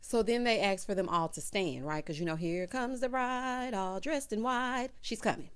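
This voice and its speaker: A woman's voice: mid-range voice, normal speed, smooth. A woman hosting a casual, sassy recap of a reality show, calling her viewers child and honey.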